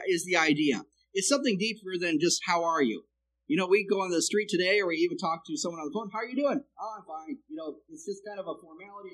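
High-voiced man preaching a sermon. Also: fairly bright tone, low-quality recording. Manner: explains the Hebrew text, often checks in with "okay?".

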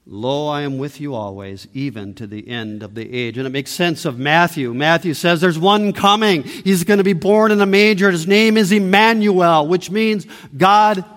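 A male pastor preaching with emphatic swings from loud, driving peaks down to hushed, low-spoken lines. His voice sits a little higher than most men's and rings with the long reverb of a church hall. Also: moderate pace, hardly any pauses. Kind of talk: sermon. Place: church sanctuary.

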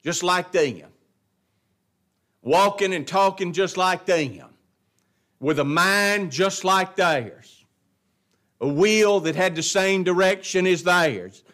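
Man, somewhat high voice, folksy and emphatic Bible teacher, preaches his points. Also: slow, long pauses, a bit bright. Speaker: adult Bible class teacher. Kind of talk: verse-by-verse Bible lesson.

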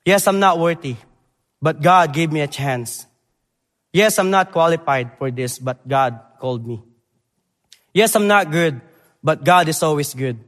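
A young man from the Philippines, preaching a sermon in halting English that moves between loud emphasis and quiet, earnest moments. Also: a little high, lively intonation. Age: young adult. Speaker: preacher, Bible college graduate. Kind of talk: church sermon and missions presentation. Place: church sanctuary. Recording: long church hall reverb.

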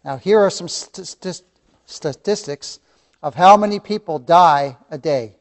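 Man, fervent Bible teacher with a slightly high voice; big swings from loud emphasis to near-whispers, repeats his points. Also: measured pace. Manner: impassioned, swings from loud emphasis to hushed asides; calls listeners "beloved", repeats key phrases. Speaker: Sunday school teacher. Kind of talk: preaching a Bible lesson.

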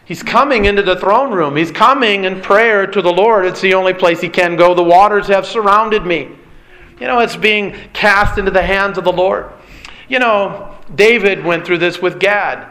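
A man's voice: high voice, normal speed, pushed and bright. A man preaching a sermon, earnest and emphatic, often calling his listeners beloved. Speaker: pastor.

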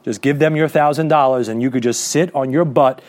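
A man preaching a sermon to a congregation, asking rhetorical questions and reading scripture slowly and deliberately. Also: mid-range voice, a little mellow. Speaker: pastor.

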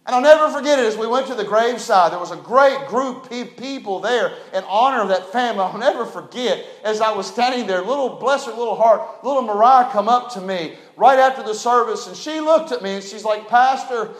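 A man preaching a sermon as pastor, telling stories folksily and swinging from loud emphasis to a hushed low voice. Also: a little fast, hardly any pauses, echoey room, poor audio.

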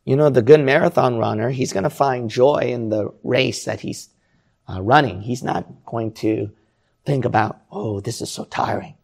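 A male preacher delivering a sermon, pressing his listeners with one rhetorical question after another. His voice is deeply gravelly and rough, with a husky, unclear edge, sitting at an ordinary pitch for a man. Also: moderate pace, darkish tone. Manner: exhorting, repetitive rhetorical questions.

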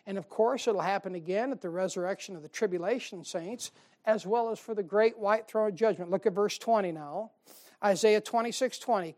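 A woman preaching a Bible-study sermon, chatting with listeners through rhetorical questions and reading scripture slowly and louder. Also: mid-range voice.

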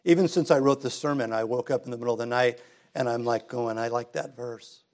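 A man's voice: mid-range voice, steady tone, brisk, darkish tone. A middle-aged man preaching a sermon in a church, easygoing and conversational, rising to emphatic passages. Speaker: pastor. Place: church sanctuary.

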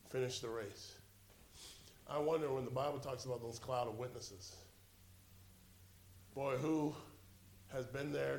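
A man preaching a sermon, telling a story and swinging from quiet narration to loud exhortation. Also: mid-range voice, vocal fry, roomy sound.

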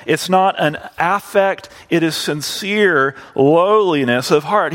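A man preaching a sermon to his congregation, drawing out key phrases slowly and deliberately. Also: fairly high pitch, a bit bright, in a large hall.

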